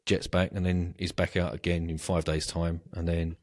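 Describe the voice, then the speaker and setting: A middle-aged man hosts a relaxed podcast chat over a video call. His voice sits very low, and he rambles with plenty of ums and restarts. The sound is dry and close, with no room echo. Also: moderate pace. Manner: chatty, rambling, with frequent fillers and laughs. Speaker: podcast host. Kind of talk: casual interview wrap-up chat.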